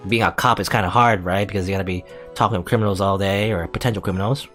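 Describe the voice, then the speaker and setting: A man's voice: fairly low pitch, fairly even intonation, quick pace, fairly bright tone, faint music behind. A young man casually commenting while playing a story game, rambling and hesitant, often trailing off with "I don't know.". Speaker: let's play host.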